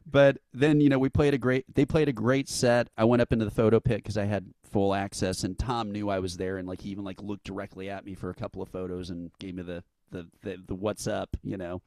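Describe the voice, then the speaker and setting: A man's voice: on the low side, a little fast, no room sound. A man being interviewed as a guest, telling a long anecdote in a casual way and acting out the lines of the people in it. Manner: animated storyteller who acts out quotes with laughs. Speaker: interview guest, event founder.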